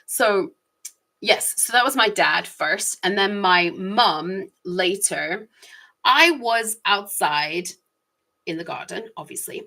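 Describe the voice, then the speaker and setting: A female vlogger shares personal stories in a casual, reflective monologue, her mid-range voice slow, expressive, pushed and bright. She's chatty, laughs lightly and often, and her pace shifts as she goes.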